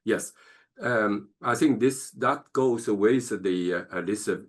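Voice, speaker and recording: Man, professor, masterclass lecture, lowish voice, halting, lots of fillers, keeps asking "okay?". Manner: halting, many fillers and restarts, checks in with "okay?". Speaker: professor leading a business masterclass.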